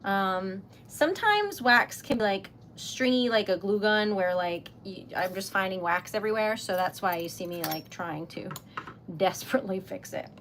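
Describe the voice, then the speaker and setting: This young livestream host is making wax seal stickers, keeping up chatty, self-deprecating talk with plenty of giggles and excited gushing about her crafts. She speaks at normal speed in a mid-range voice, with a little hiss or hum.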